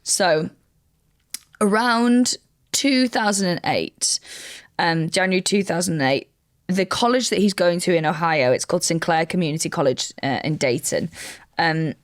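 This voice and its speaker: A woman's voice: on the low side, moderate pace. A woman comedian co-hosting a podcast, recounting a true crime story step by step with wry asides. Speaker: comedian co-host.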